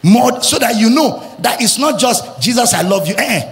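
A male pastor with a Nigerian accent preaching an impassioned sermon, shouting and chanting at the peaks. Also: extremely high pitch, lively intonation, moderate pace. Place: church hall. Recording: music and long reverb of a big hall.

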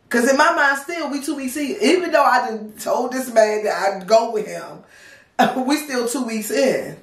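A woman in her thirties from the Washington DC area, telling a personal story in a casual, profane, animated and wry way. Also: a little high, normal speed. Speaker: storytime vlogger. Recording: roomy sound, distant from mic.

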